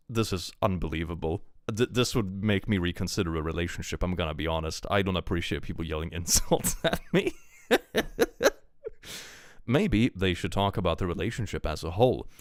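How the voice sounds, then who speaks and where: A man's voice: low voice, no room sound, clean studio sound. A man casually commenting on a live stream, reading posts aloud and reacting with a chatty, rambling manner and frequent laughs.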